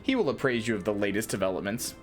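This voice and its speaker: A woman doing a stern male elf commander in a fantasy game. His formal orders come out with a lively, rising-and-falling pitch and the odd stumble on a word. Faint music plays behind him. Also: fast. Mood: formal, earnest. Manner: reads stiff, formal lines aloud, stumbling and correcting himself.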